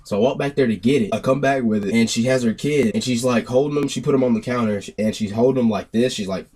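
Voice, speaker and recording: A man's voice: mid-range voice, fast, slightly rough. Young man rambling through a storytime. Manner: rambling, animated retelling with acted-out quotes. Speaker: vlogger telling a story. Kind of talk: casual storytime monologue.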